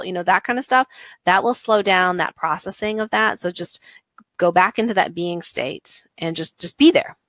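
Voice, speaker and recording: Soft-spoken woman teaching a live class. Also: lowish voice, moderate pace, no room sound, clean studio sound. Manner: gentle, conversational, thinks aloud with many fillers. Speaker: holistic health teacher. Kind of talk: live online workshop teaching.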